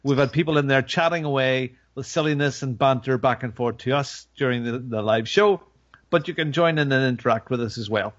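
A man's voice: mid-range voice, brisk. A man hosting a live podcast, chatting casually in a jokey, rambling way. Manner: jokey, rambling, laughs a lot. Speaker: podcast host. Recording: dull lo-fi sound.

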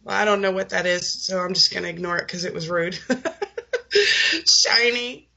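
Bright-voiced woman co-hosting a podcast. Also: medium pitch, animated, unhurried, vocal fry. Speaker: podcast co-host reading the chat. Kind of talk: casual podcast chat. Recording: dull lo-fi sound.

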